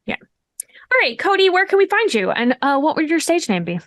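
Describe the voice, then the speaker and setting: A woman's voice: high voice, very animated, moderate pace, fairly bright tone, no room sound. A woman hosting as game master of a streamed tabletop game, chatting in a bubbly way and laughing often. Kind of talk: casual chat at the end of a streamed tabletop game.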